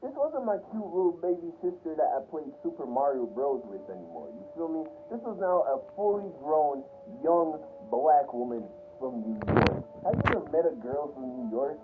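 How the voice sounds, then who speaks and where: A young man, a YouTuber, telling a personal story in a casual, animated, profane way. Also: a little high, normal speed, few pauses, over music. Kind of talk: storytime vlog. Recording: tinny phone-like sound with faint hiss.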